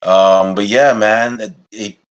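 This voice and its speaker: A man's voice: lowish voice, fairly even intonation, slow pace, clean tone, lo-fi sound. A man hosting a wrestling podcast, opening with a rhyming hype intro and then chatting casually and telling stories. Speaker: podcast host.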